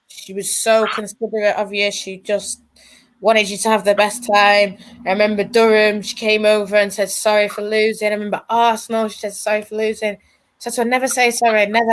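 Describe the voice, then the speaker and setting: A woman, a podcast guest, tells fan stories in casual chat and gets tearful as she talks. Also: mid-range voice. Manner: emotional, tearful storytelling. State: crying.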